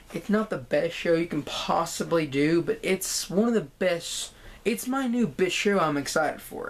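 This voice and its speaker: A woman vlogging a casual, excited TV show review, rambling and repeating herself. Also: lowish voice, slight background noise. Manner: enthusiastic, rambling, repeats "guys" and "freaking".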